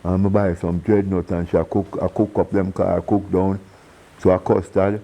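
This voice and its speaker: A man with a Jamaican accent, a reggae singer telling stories in a casual interview. He is animated, acting out the voices of people in his stories and laughing often. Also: sits low, normal speed, low-quality recording. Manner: animated storyteller who acts out quoted voices and laughs often.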